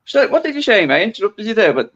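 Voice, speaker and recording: A man's voice: high voice, very animated, quick pace, dull audio, a crowd in the background. A man from Liverpool with a Liverpool accent, co-hosting a casual chat and rambling with tag questions. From Liverpool, England. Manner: rambling, hesitant, lots of fillers and tag questions. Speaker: podcast co-host.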